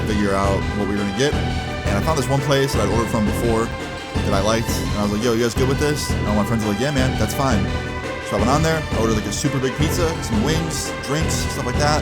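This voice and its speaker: Twenties guy, slightly low voice, chill rambling storyteller; music bed runs under him. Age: 20s. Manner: laid-back, rambling, heavy use of "like" and "right?". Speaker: storytime YouTuber. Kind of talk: casual storytime narration.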